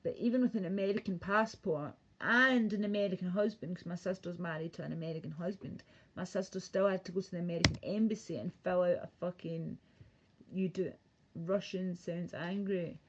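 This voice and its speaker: A woman's voice: lowish voice, steady tone, fairly quick, highs cut off. Profane, ranting woman streamer. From Britain. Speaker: livestreamer. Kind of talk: casual livestream rant.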